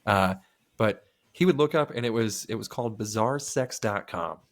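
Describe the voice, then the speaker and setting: A man's voice: lowish voice, normal speed. A man in his thirties co-hosting a podcast, chatting casually in a rambling, profane way. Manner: rambling, swears freely. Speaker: podcast co-host. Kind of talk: casual chat.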